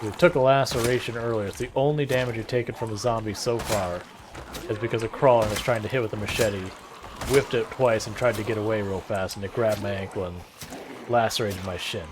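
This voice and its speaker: A man's voice: lowish voice, steady tone, a little fast, noisy background. A man streaming a game and chatting casually, rambling and sarcastic, often restarting his sentences. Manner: rambling, self-deprecating and sarcastic. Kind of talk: casual gameplay chat.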